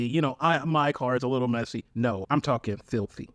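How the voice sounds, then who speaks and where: A man telling a dating story casually to his viewers, animated and slangy, coming back again and again to the same punchline. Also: medium pitch, a little fast, hardly any pauses, no room sound.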